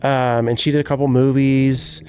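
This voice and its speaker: A man's voice: medium pitch, flat delivery, normal speed, darkish tone, a little hiss or hum. A man co-hosting a podcast in casual chat, rambling and correcting himself as he talks. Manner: rambling, self-correcting, chatty. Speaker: podcast co-host, country singer.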